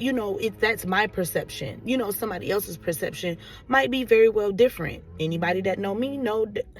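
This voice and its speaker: A woman telling a casual story-time vlog in a chatty, animated, sarcastic way, full of fillers. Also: fairly low pitch, recorded from a distance. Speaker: vlogger. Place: car on the road.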